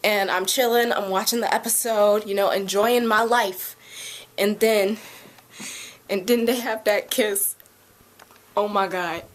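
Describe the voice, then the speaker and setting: A young woman reviewing a show in a casual vlog at home, gushing and excitable, saying "like" constantly. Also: medium pitch, unhurried. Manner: gushing, excitable, heavy use of "like". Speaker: video reviewer. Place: at home by a couch.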